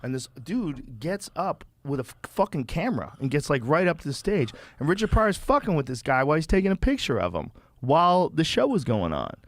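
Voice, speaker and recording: A man hosting a podcast, telling stories in a casual, profane, animated way. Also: a little high, brisk, hardly any pauses, no echo. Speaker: podcast host.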